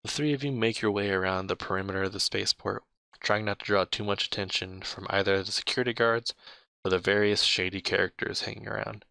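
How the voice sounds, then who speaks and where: Deep, bright-toned man reading a story. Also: fairly even intonation, brisk, vocal fry, dry recording. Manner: chatty, comments on his own slips and laughs mid-read. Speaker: reader of an interactive adventure story. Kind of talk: casual read-aloud narration.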